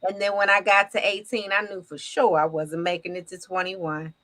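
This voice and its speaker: Woman, 50s, bright voice, faith talk co-host giving testimony. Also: mid-range voice, level tone, normal speed. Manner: warm testimony, preachy encouragement. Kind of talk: faith-based casual talk.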